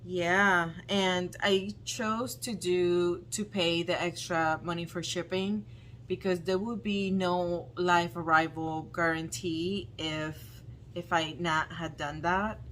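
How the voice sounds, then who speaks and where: A woman vlogger doing casual unboxing commentary, talking in a halting, dismayed way with frequent ums. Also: lowish voice, steady tone, fairly bright tone, a little hiss or hum. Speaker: plant vlogger.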